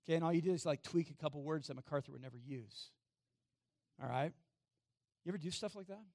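A man preaching a sermon in a church, chatting with the congregation and asking them questions, getting louder for emphasis and going quiet and low to read scripture. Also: quick pace, gravelly, no echo, studio quality. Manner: conversational, self-deprecating, asks the congregation questions. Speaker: pastor. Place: church sanctuary.

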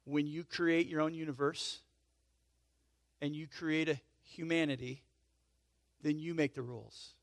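A man's voice: on the high side, fairly even intonation, unhurried, vocal fry, long pauses, no room sound. Male pastor, tenor-leaning, conversational sermon delivery with frequent audience check-ins; dry, close recording. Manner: emphatic swells in volume, then drops to soft intimate asides.

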